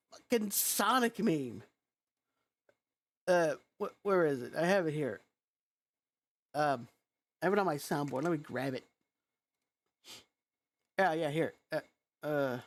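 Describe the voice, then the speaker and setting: A woman's voice: deep voice, expressive, slow pace, pauses often. A woman vlogger with a youthful-sounding voice, ranting in a frustrated, blunt and profane way. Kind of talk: angry reaction rant.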